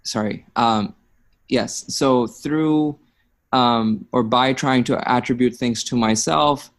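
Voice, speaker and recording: Man, discussion group, hesitant, frequent restarts, mid-pitched voice. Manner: halting, searching for words, many restarts. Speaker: study group participant. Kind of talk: reflective discussion comment.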